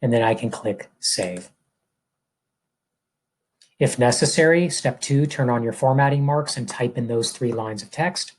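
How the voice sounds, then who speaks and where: A male instructor walking through a software exercise step by step, reading each instruction aloud and thinking out loud as he clicks. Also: mid-range voice, measured pace, long pauses, slight background noise. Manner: methodical, reads steps aloud and thinks out loud. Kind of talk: screen-recorded software tutorial.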